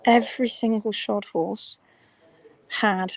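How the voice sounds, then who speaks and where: A woman hosting a casual live stream in a quiet half-whisper, her voice a little croaky. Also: medium pitch, fairly even intonation, slow pace, background noise. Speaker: hoof care instructor and vlogger. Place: workshop ante room near a presentation.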